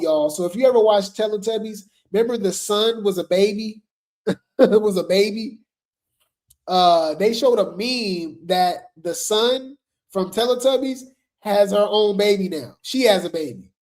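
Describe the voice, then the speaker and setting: A woman's voice: lowish voice, a little mellow. A woman hosting a casual gossip commentary show, chatty and slangy, laughing often as she talks.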